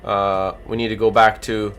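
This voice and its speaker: A livestream host who is losing his voice, calling a giveaway race with animated, rapid play-by-play. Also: on the low side, faint music behind. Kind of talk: excited duck-race commentary on a livestream.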